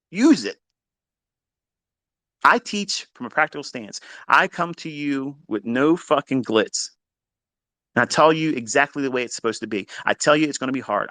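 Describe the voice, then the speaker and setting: In a dry recording, a blunt, foul-mouthed man lectures as a trading mentor without a script. His motivational talk swings between low muttering and loud, emphatic outbursts.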